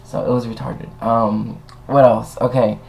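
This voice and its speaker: A man's voice: mid-range voice, flat delivery, a little slow, gravelly, darkish tone, poor audio. A young man talking casually to a webcam, rambling and swearing as he tells stories. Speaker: vlogger. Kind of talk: casual chat.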